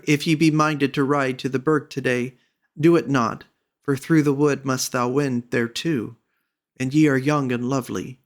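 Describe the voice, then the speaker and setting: A man voicing a sad, tearful young maiden in a storybook reading, with a soft, pleading delivery. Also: mid-range voice, natural voice. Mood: urgent warning.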